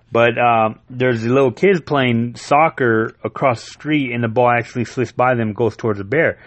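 A man reviewing a comic book in casual chat, rambling, excitable and full of profanity. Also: medium pitch, moderate pace, dry recording.

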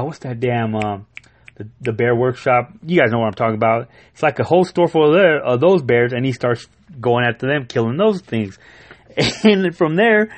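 A man retelling a comic book in loose, rambling chat, swearing freely and getting worked up as he goes. His voice sits in an ordinary middle pitch and sounds close and dry, with no room echo. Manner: rambling, profane and excitable, often laughing. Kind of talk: casual chat.

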